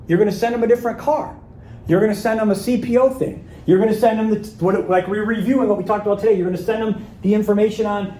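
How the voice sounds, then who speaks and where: A man's voice: high-pitched, dark tone, reverberant, a little hiss or hum, rough recording. A man leading a live sales workshop, talking casually and acting out sample voicemails and emails. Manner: conversational, acts out sample calls and emails. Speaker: sales trainer.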